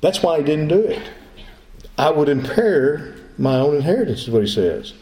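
A man's voice: fairly high pitch, big pitch swings, normal speed, mellow. Emphatic preacher man in an echoey sanctuary. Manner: emphatic preaching, repeats phrases. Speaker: pastor. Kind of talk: sermon. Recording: echoey room.

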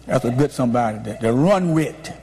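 A man's voice: mid-range voice, animated, fairly quick, crowd noise. A man, a pastor preaching a sermon with emphatic, repetitive declarations.

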